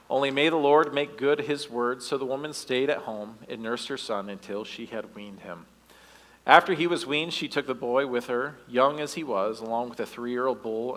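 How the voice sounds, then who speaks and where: Male youth pastor, mid-pitched voice, reads scripture in church and adds quips, long hall reverb. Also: a bit bright. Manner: reads the passage aloud and breaks in with joking asides. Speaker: youth director preaching. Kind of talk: sermon reading scripture with asides. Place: church sanctuary.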